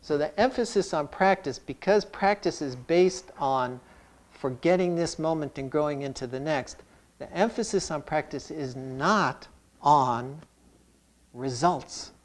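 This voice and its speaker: A man gives a Zen dharma talk in an unhurried, reflective way, now and then breaking into gentle humor. His voice sits a little higher than most men's. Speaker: Zen teacher.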